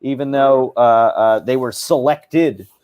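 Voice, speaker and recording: A man's voice: mid-range voice, slow, smooth, lo-fi sound. A man co-hosting a history podcast in casual chat, chiming in with facts and statistics. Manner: chatty, interjects with facts and statistics, apologetic. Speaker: podcast co-host.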